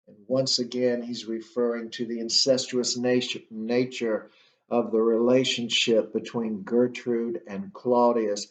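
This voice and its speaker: Slow, deliberate male literature instructor. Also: medium pitch, steady tone. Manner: slow, deliberate explaining with many uhs. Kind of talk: recorded literature lecture. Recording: roomy, muffled lo-fi recording.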